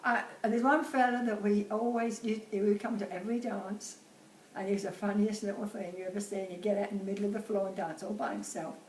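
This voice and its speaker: A woman's voice: medium pitch, fairly even intonation, fairly quick, darkish tone, recorded from a distance, a little hiss or hum. An elderly woman around eighty with a Cockney accent, chatting and reminiscing in a casual interview, laughing easily. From Bermondsey, London. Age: about 80. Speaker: interviewee, host's mother. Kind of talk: casual chat. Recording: roomy, off-mic with faint ambience.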